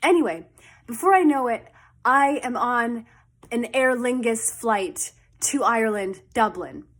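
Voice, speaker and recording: A woman vlogger telling a story in a casual, animated, dramatic way. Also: fairly high pitch, measured pace.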